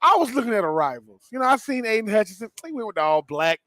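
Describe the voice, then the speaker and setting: A man co-hosting a live sports talk show, animated and playful, with slangy, repetitive speech. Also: high voice, quick pace, no echo. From Southern US. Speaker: co-host and former player.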